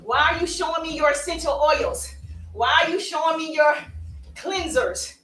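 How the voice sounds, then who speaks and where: A woman's voice: high-pitched, moderate pace. A woman coaching on social media marketing, talking playfully and with emphasis as she walks along. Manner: animated, playful and emphatic, with asides and laughs. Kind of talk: energetic coaching talk to camera. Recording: roomy sound, voice from a distance.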